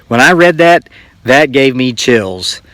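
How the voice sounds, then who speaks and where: A man's voice: mid-range voice, slow pace, no echo. A man vlogging from his old homestead, casually retelling a story and acting out the voices in it. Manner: animated retelling, acts out quoted voices. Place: old farmhouse.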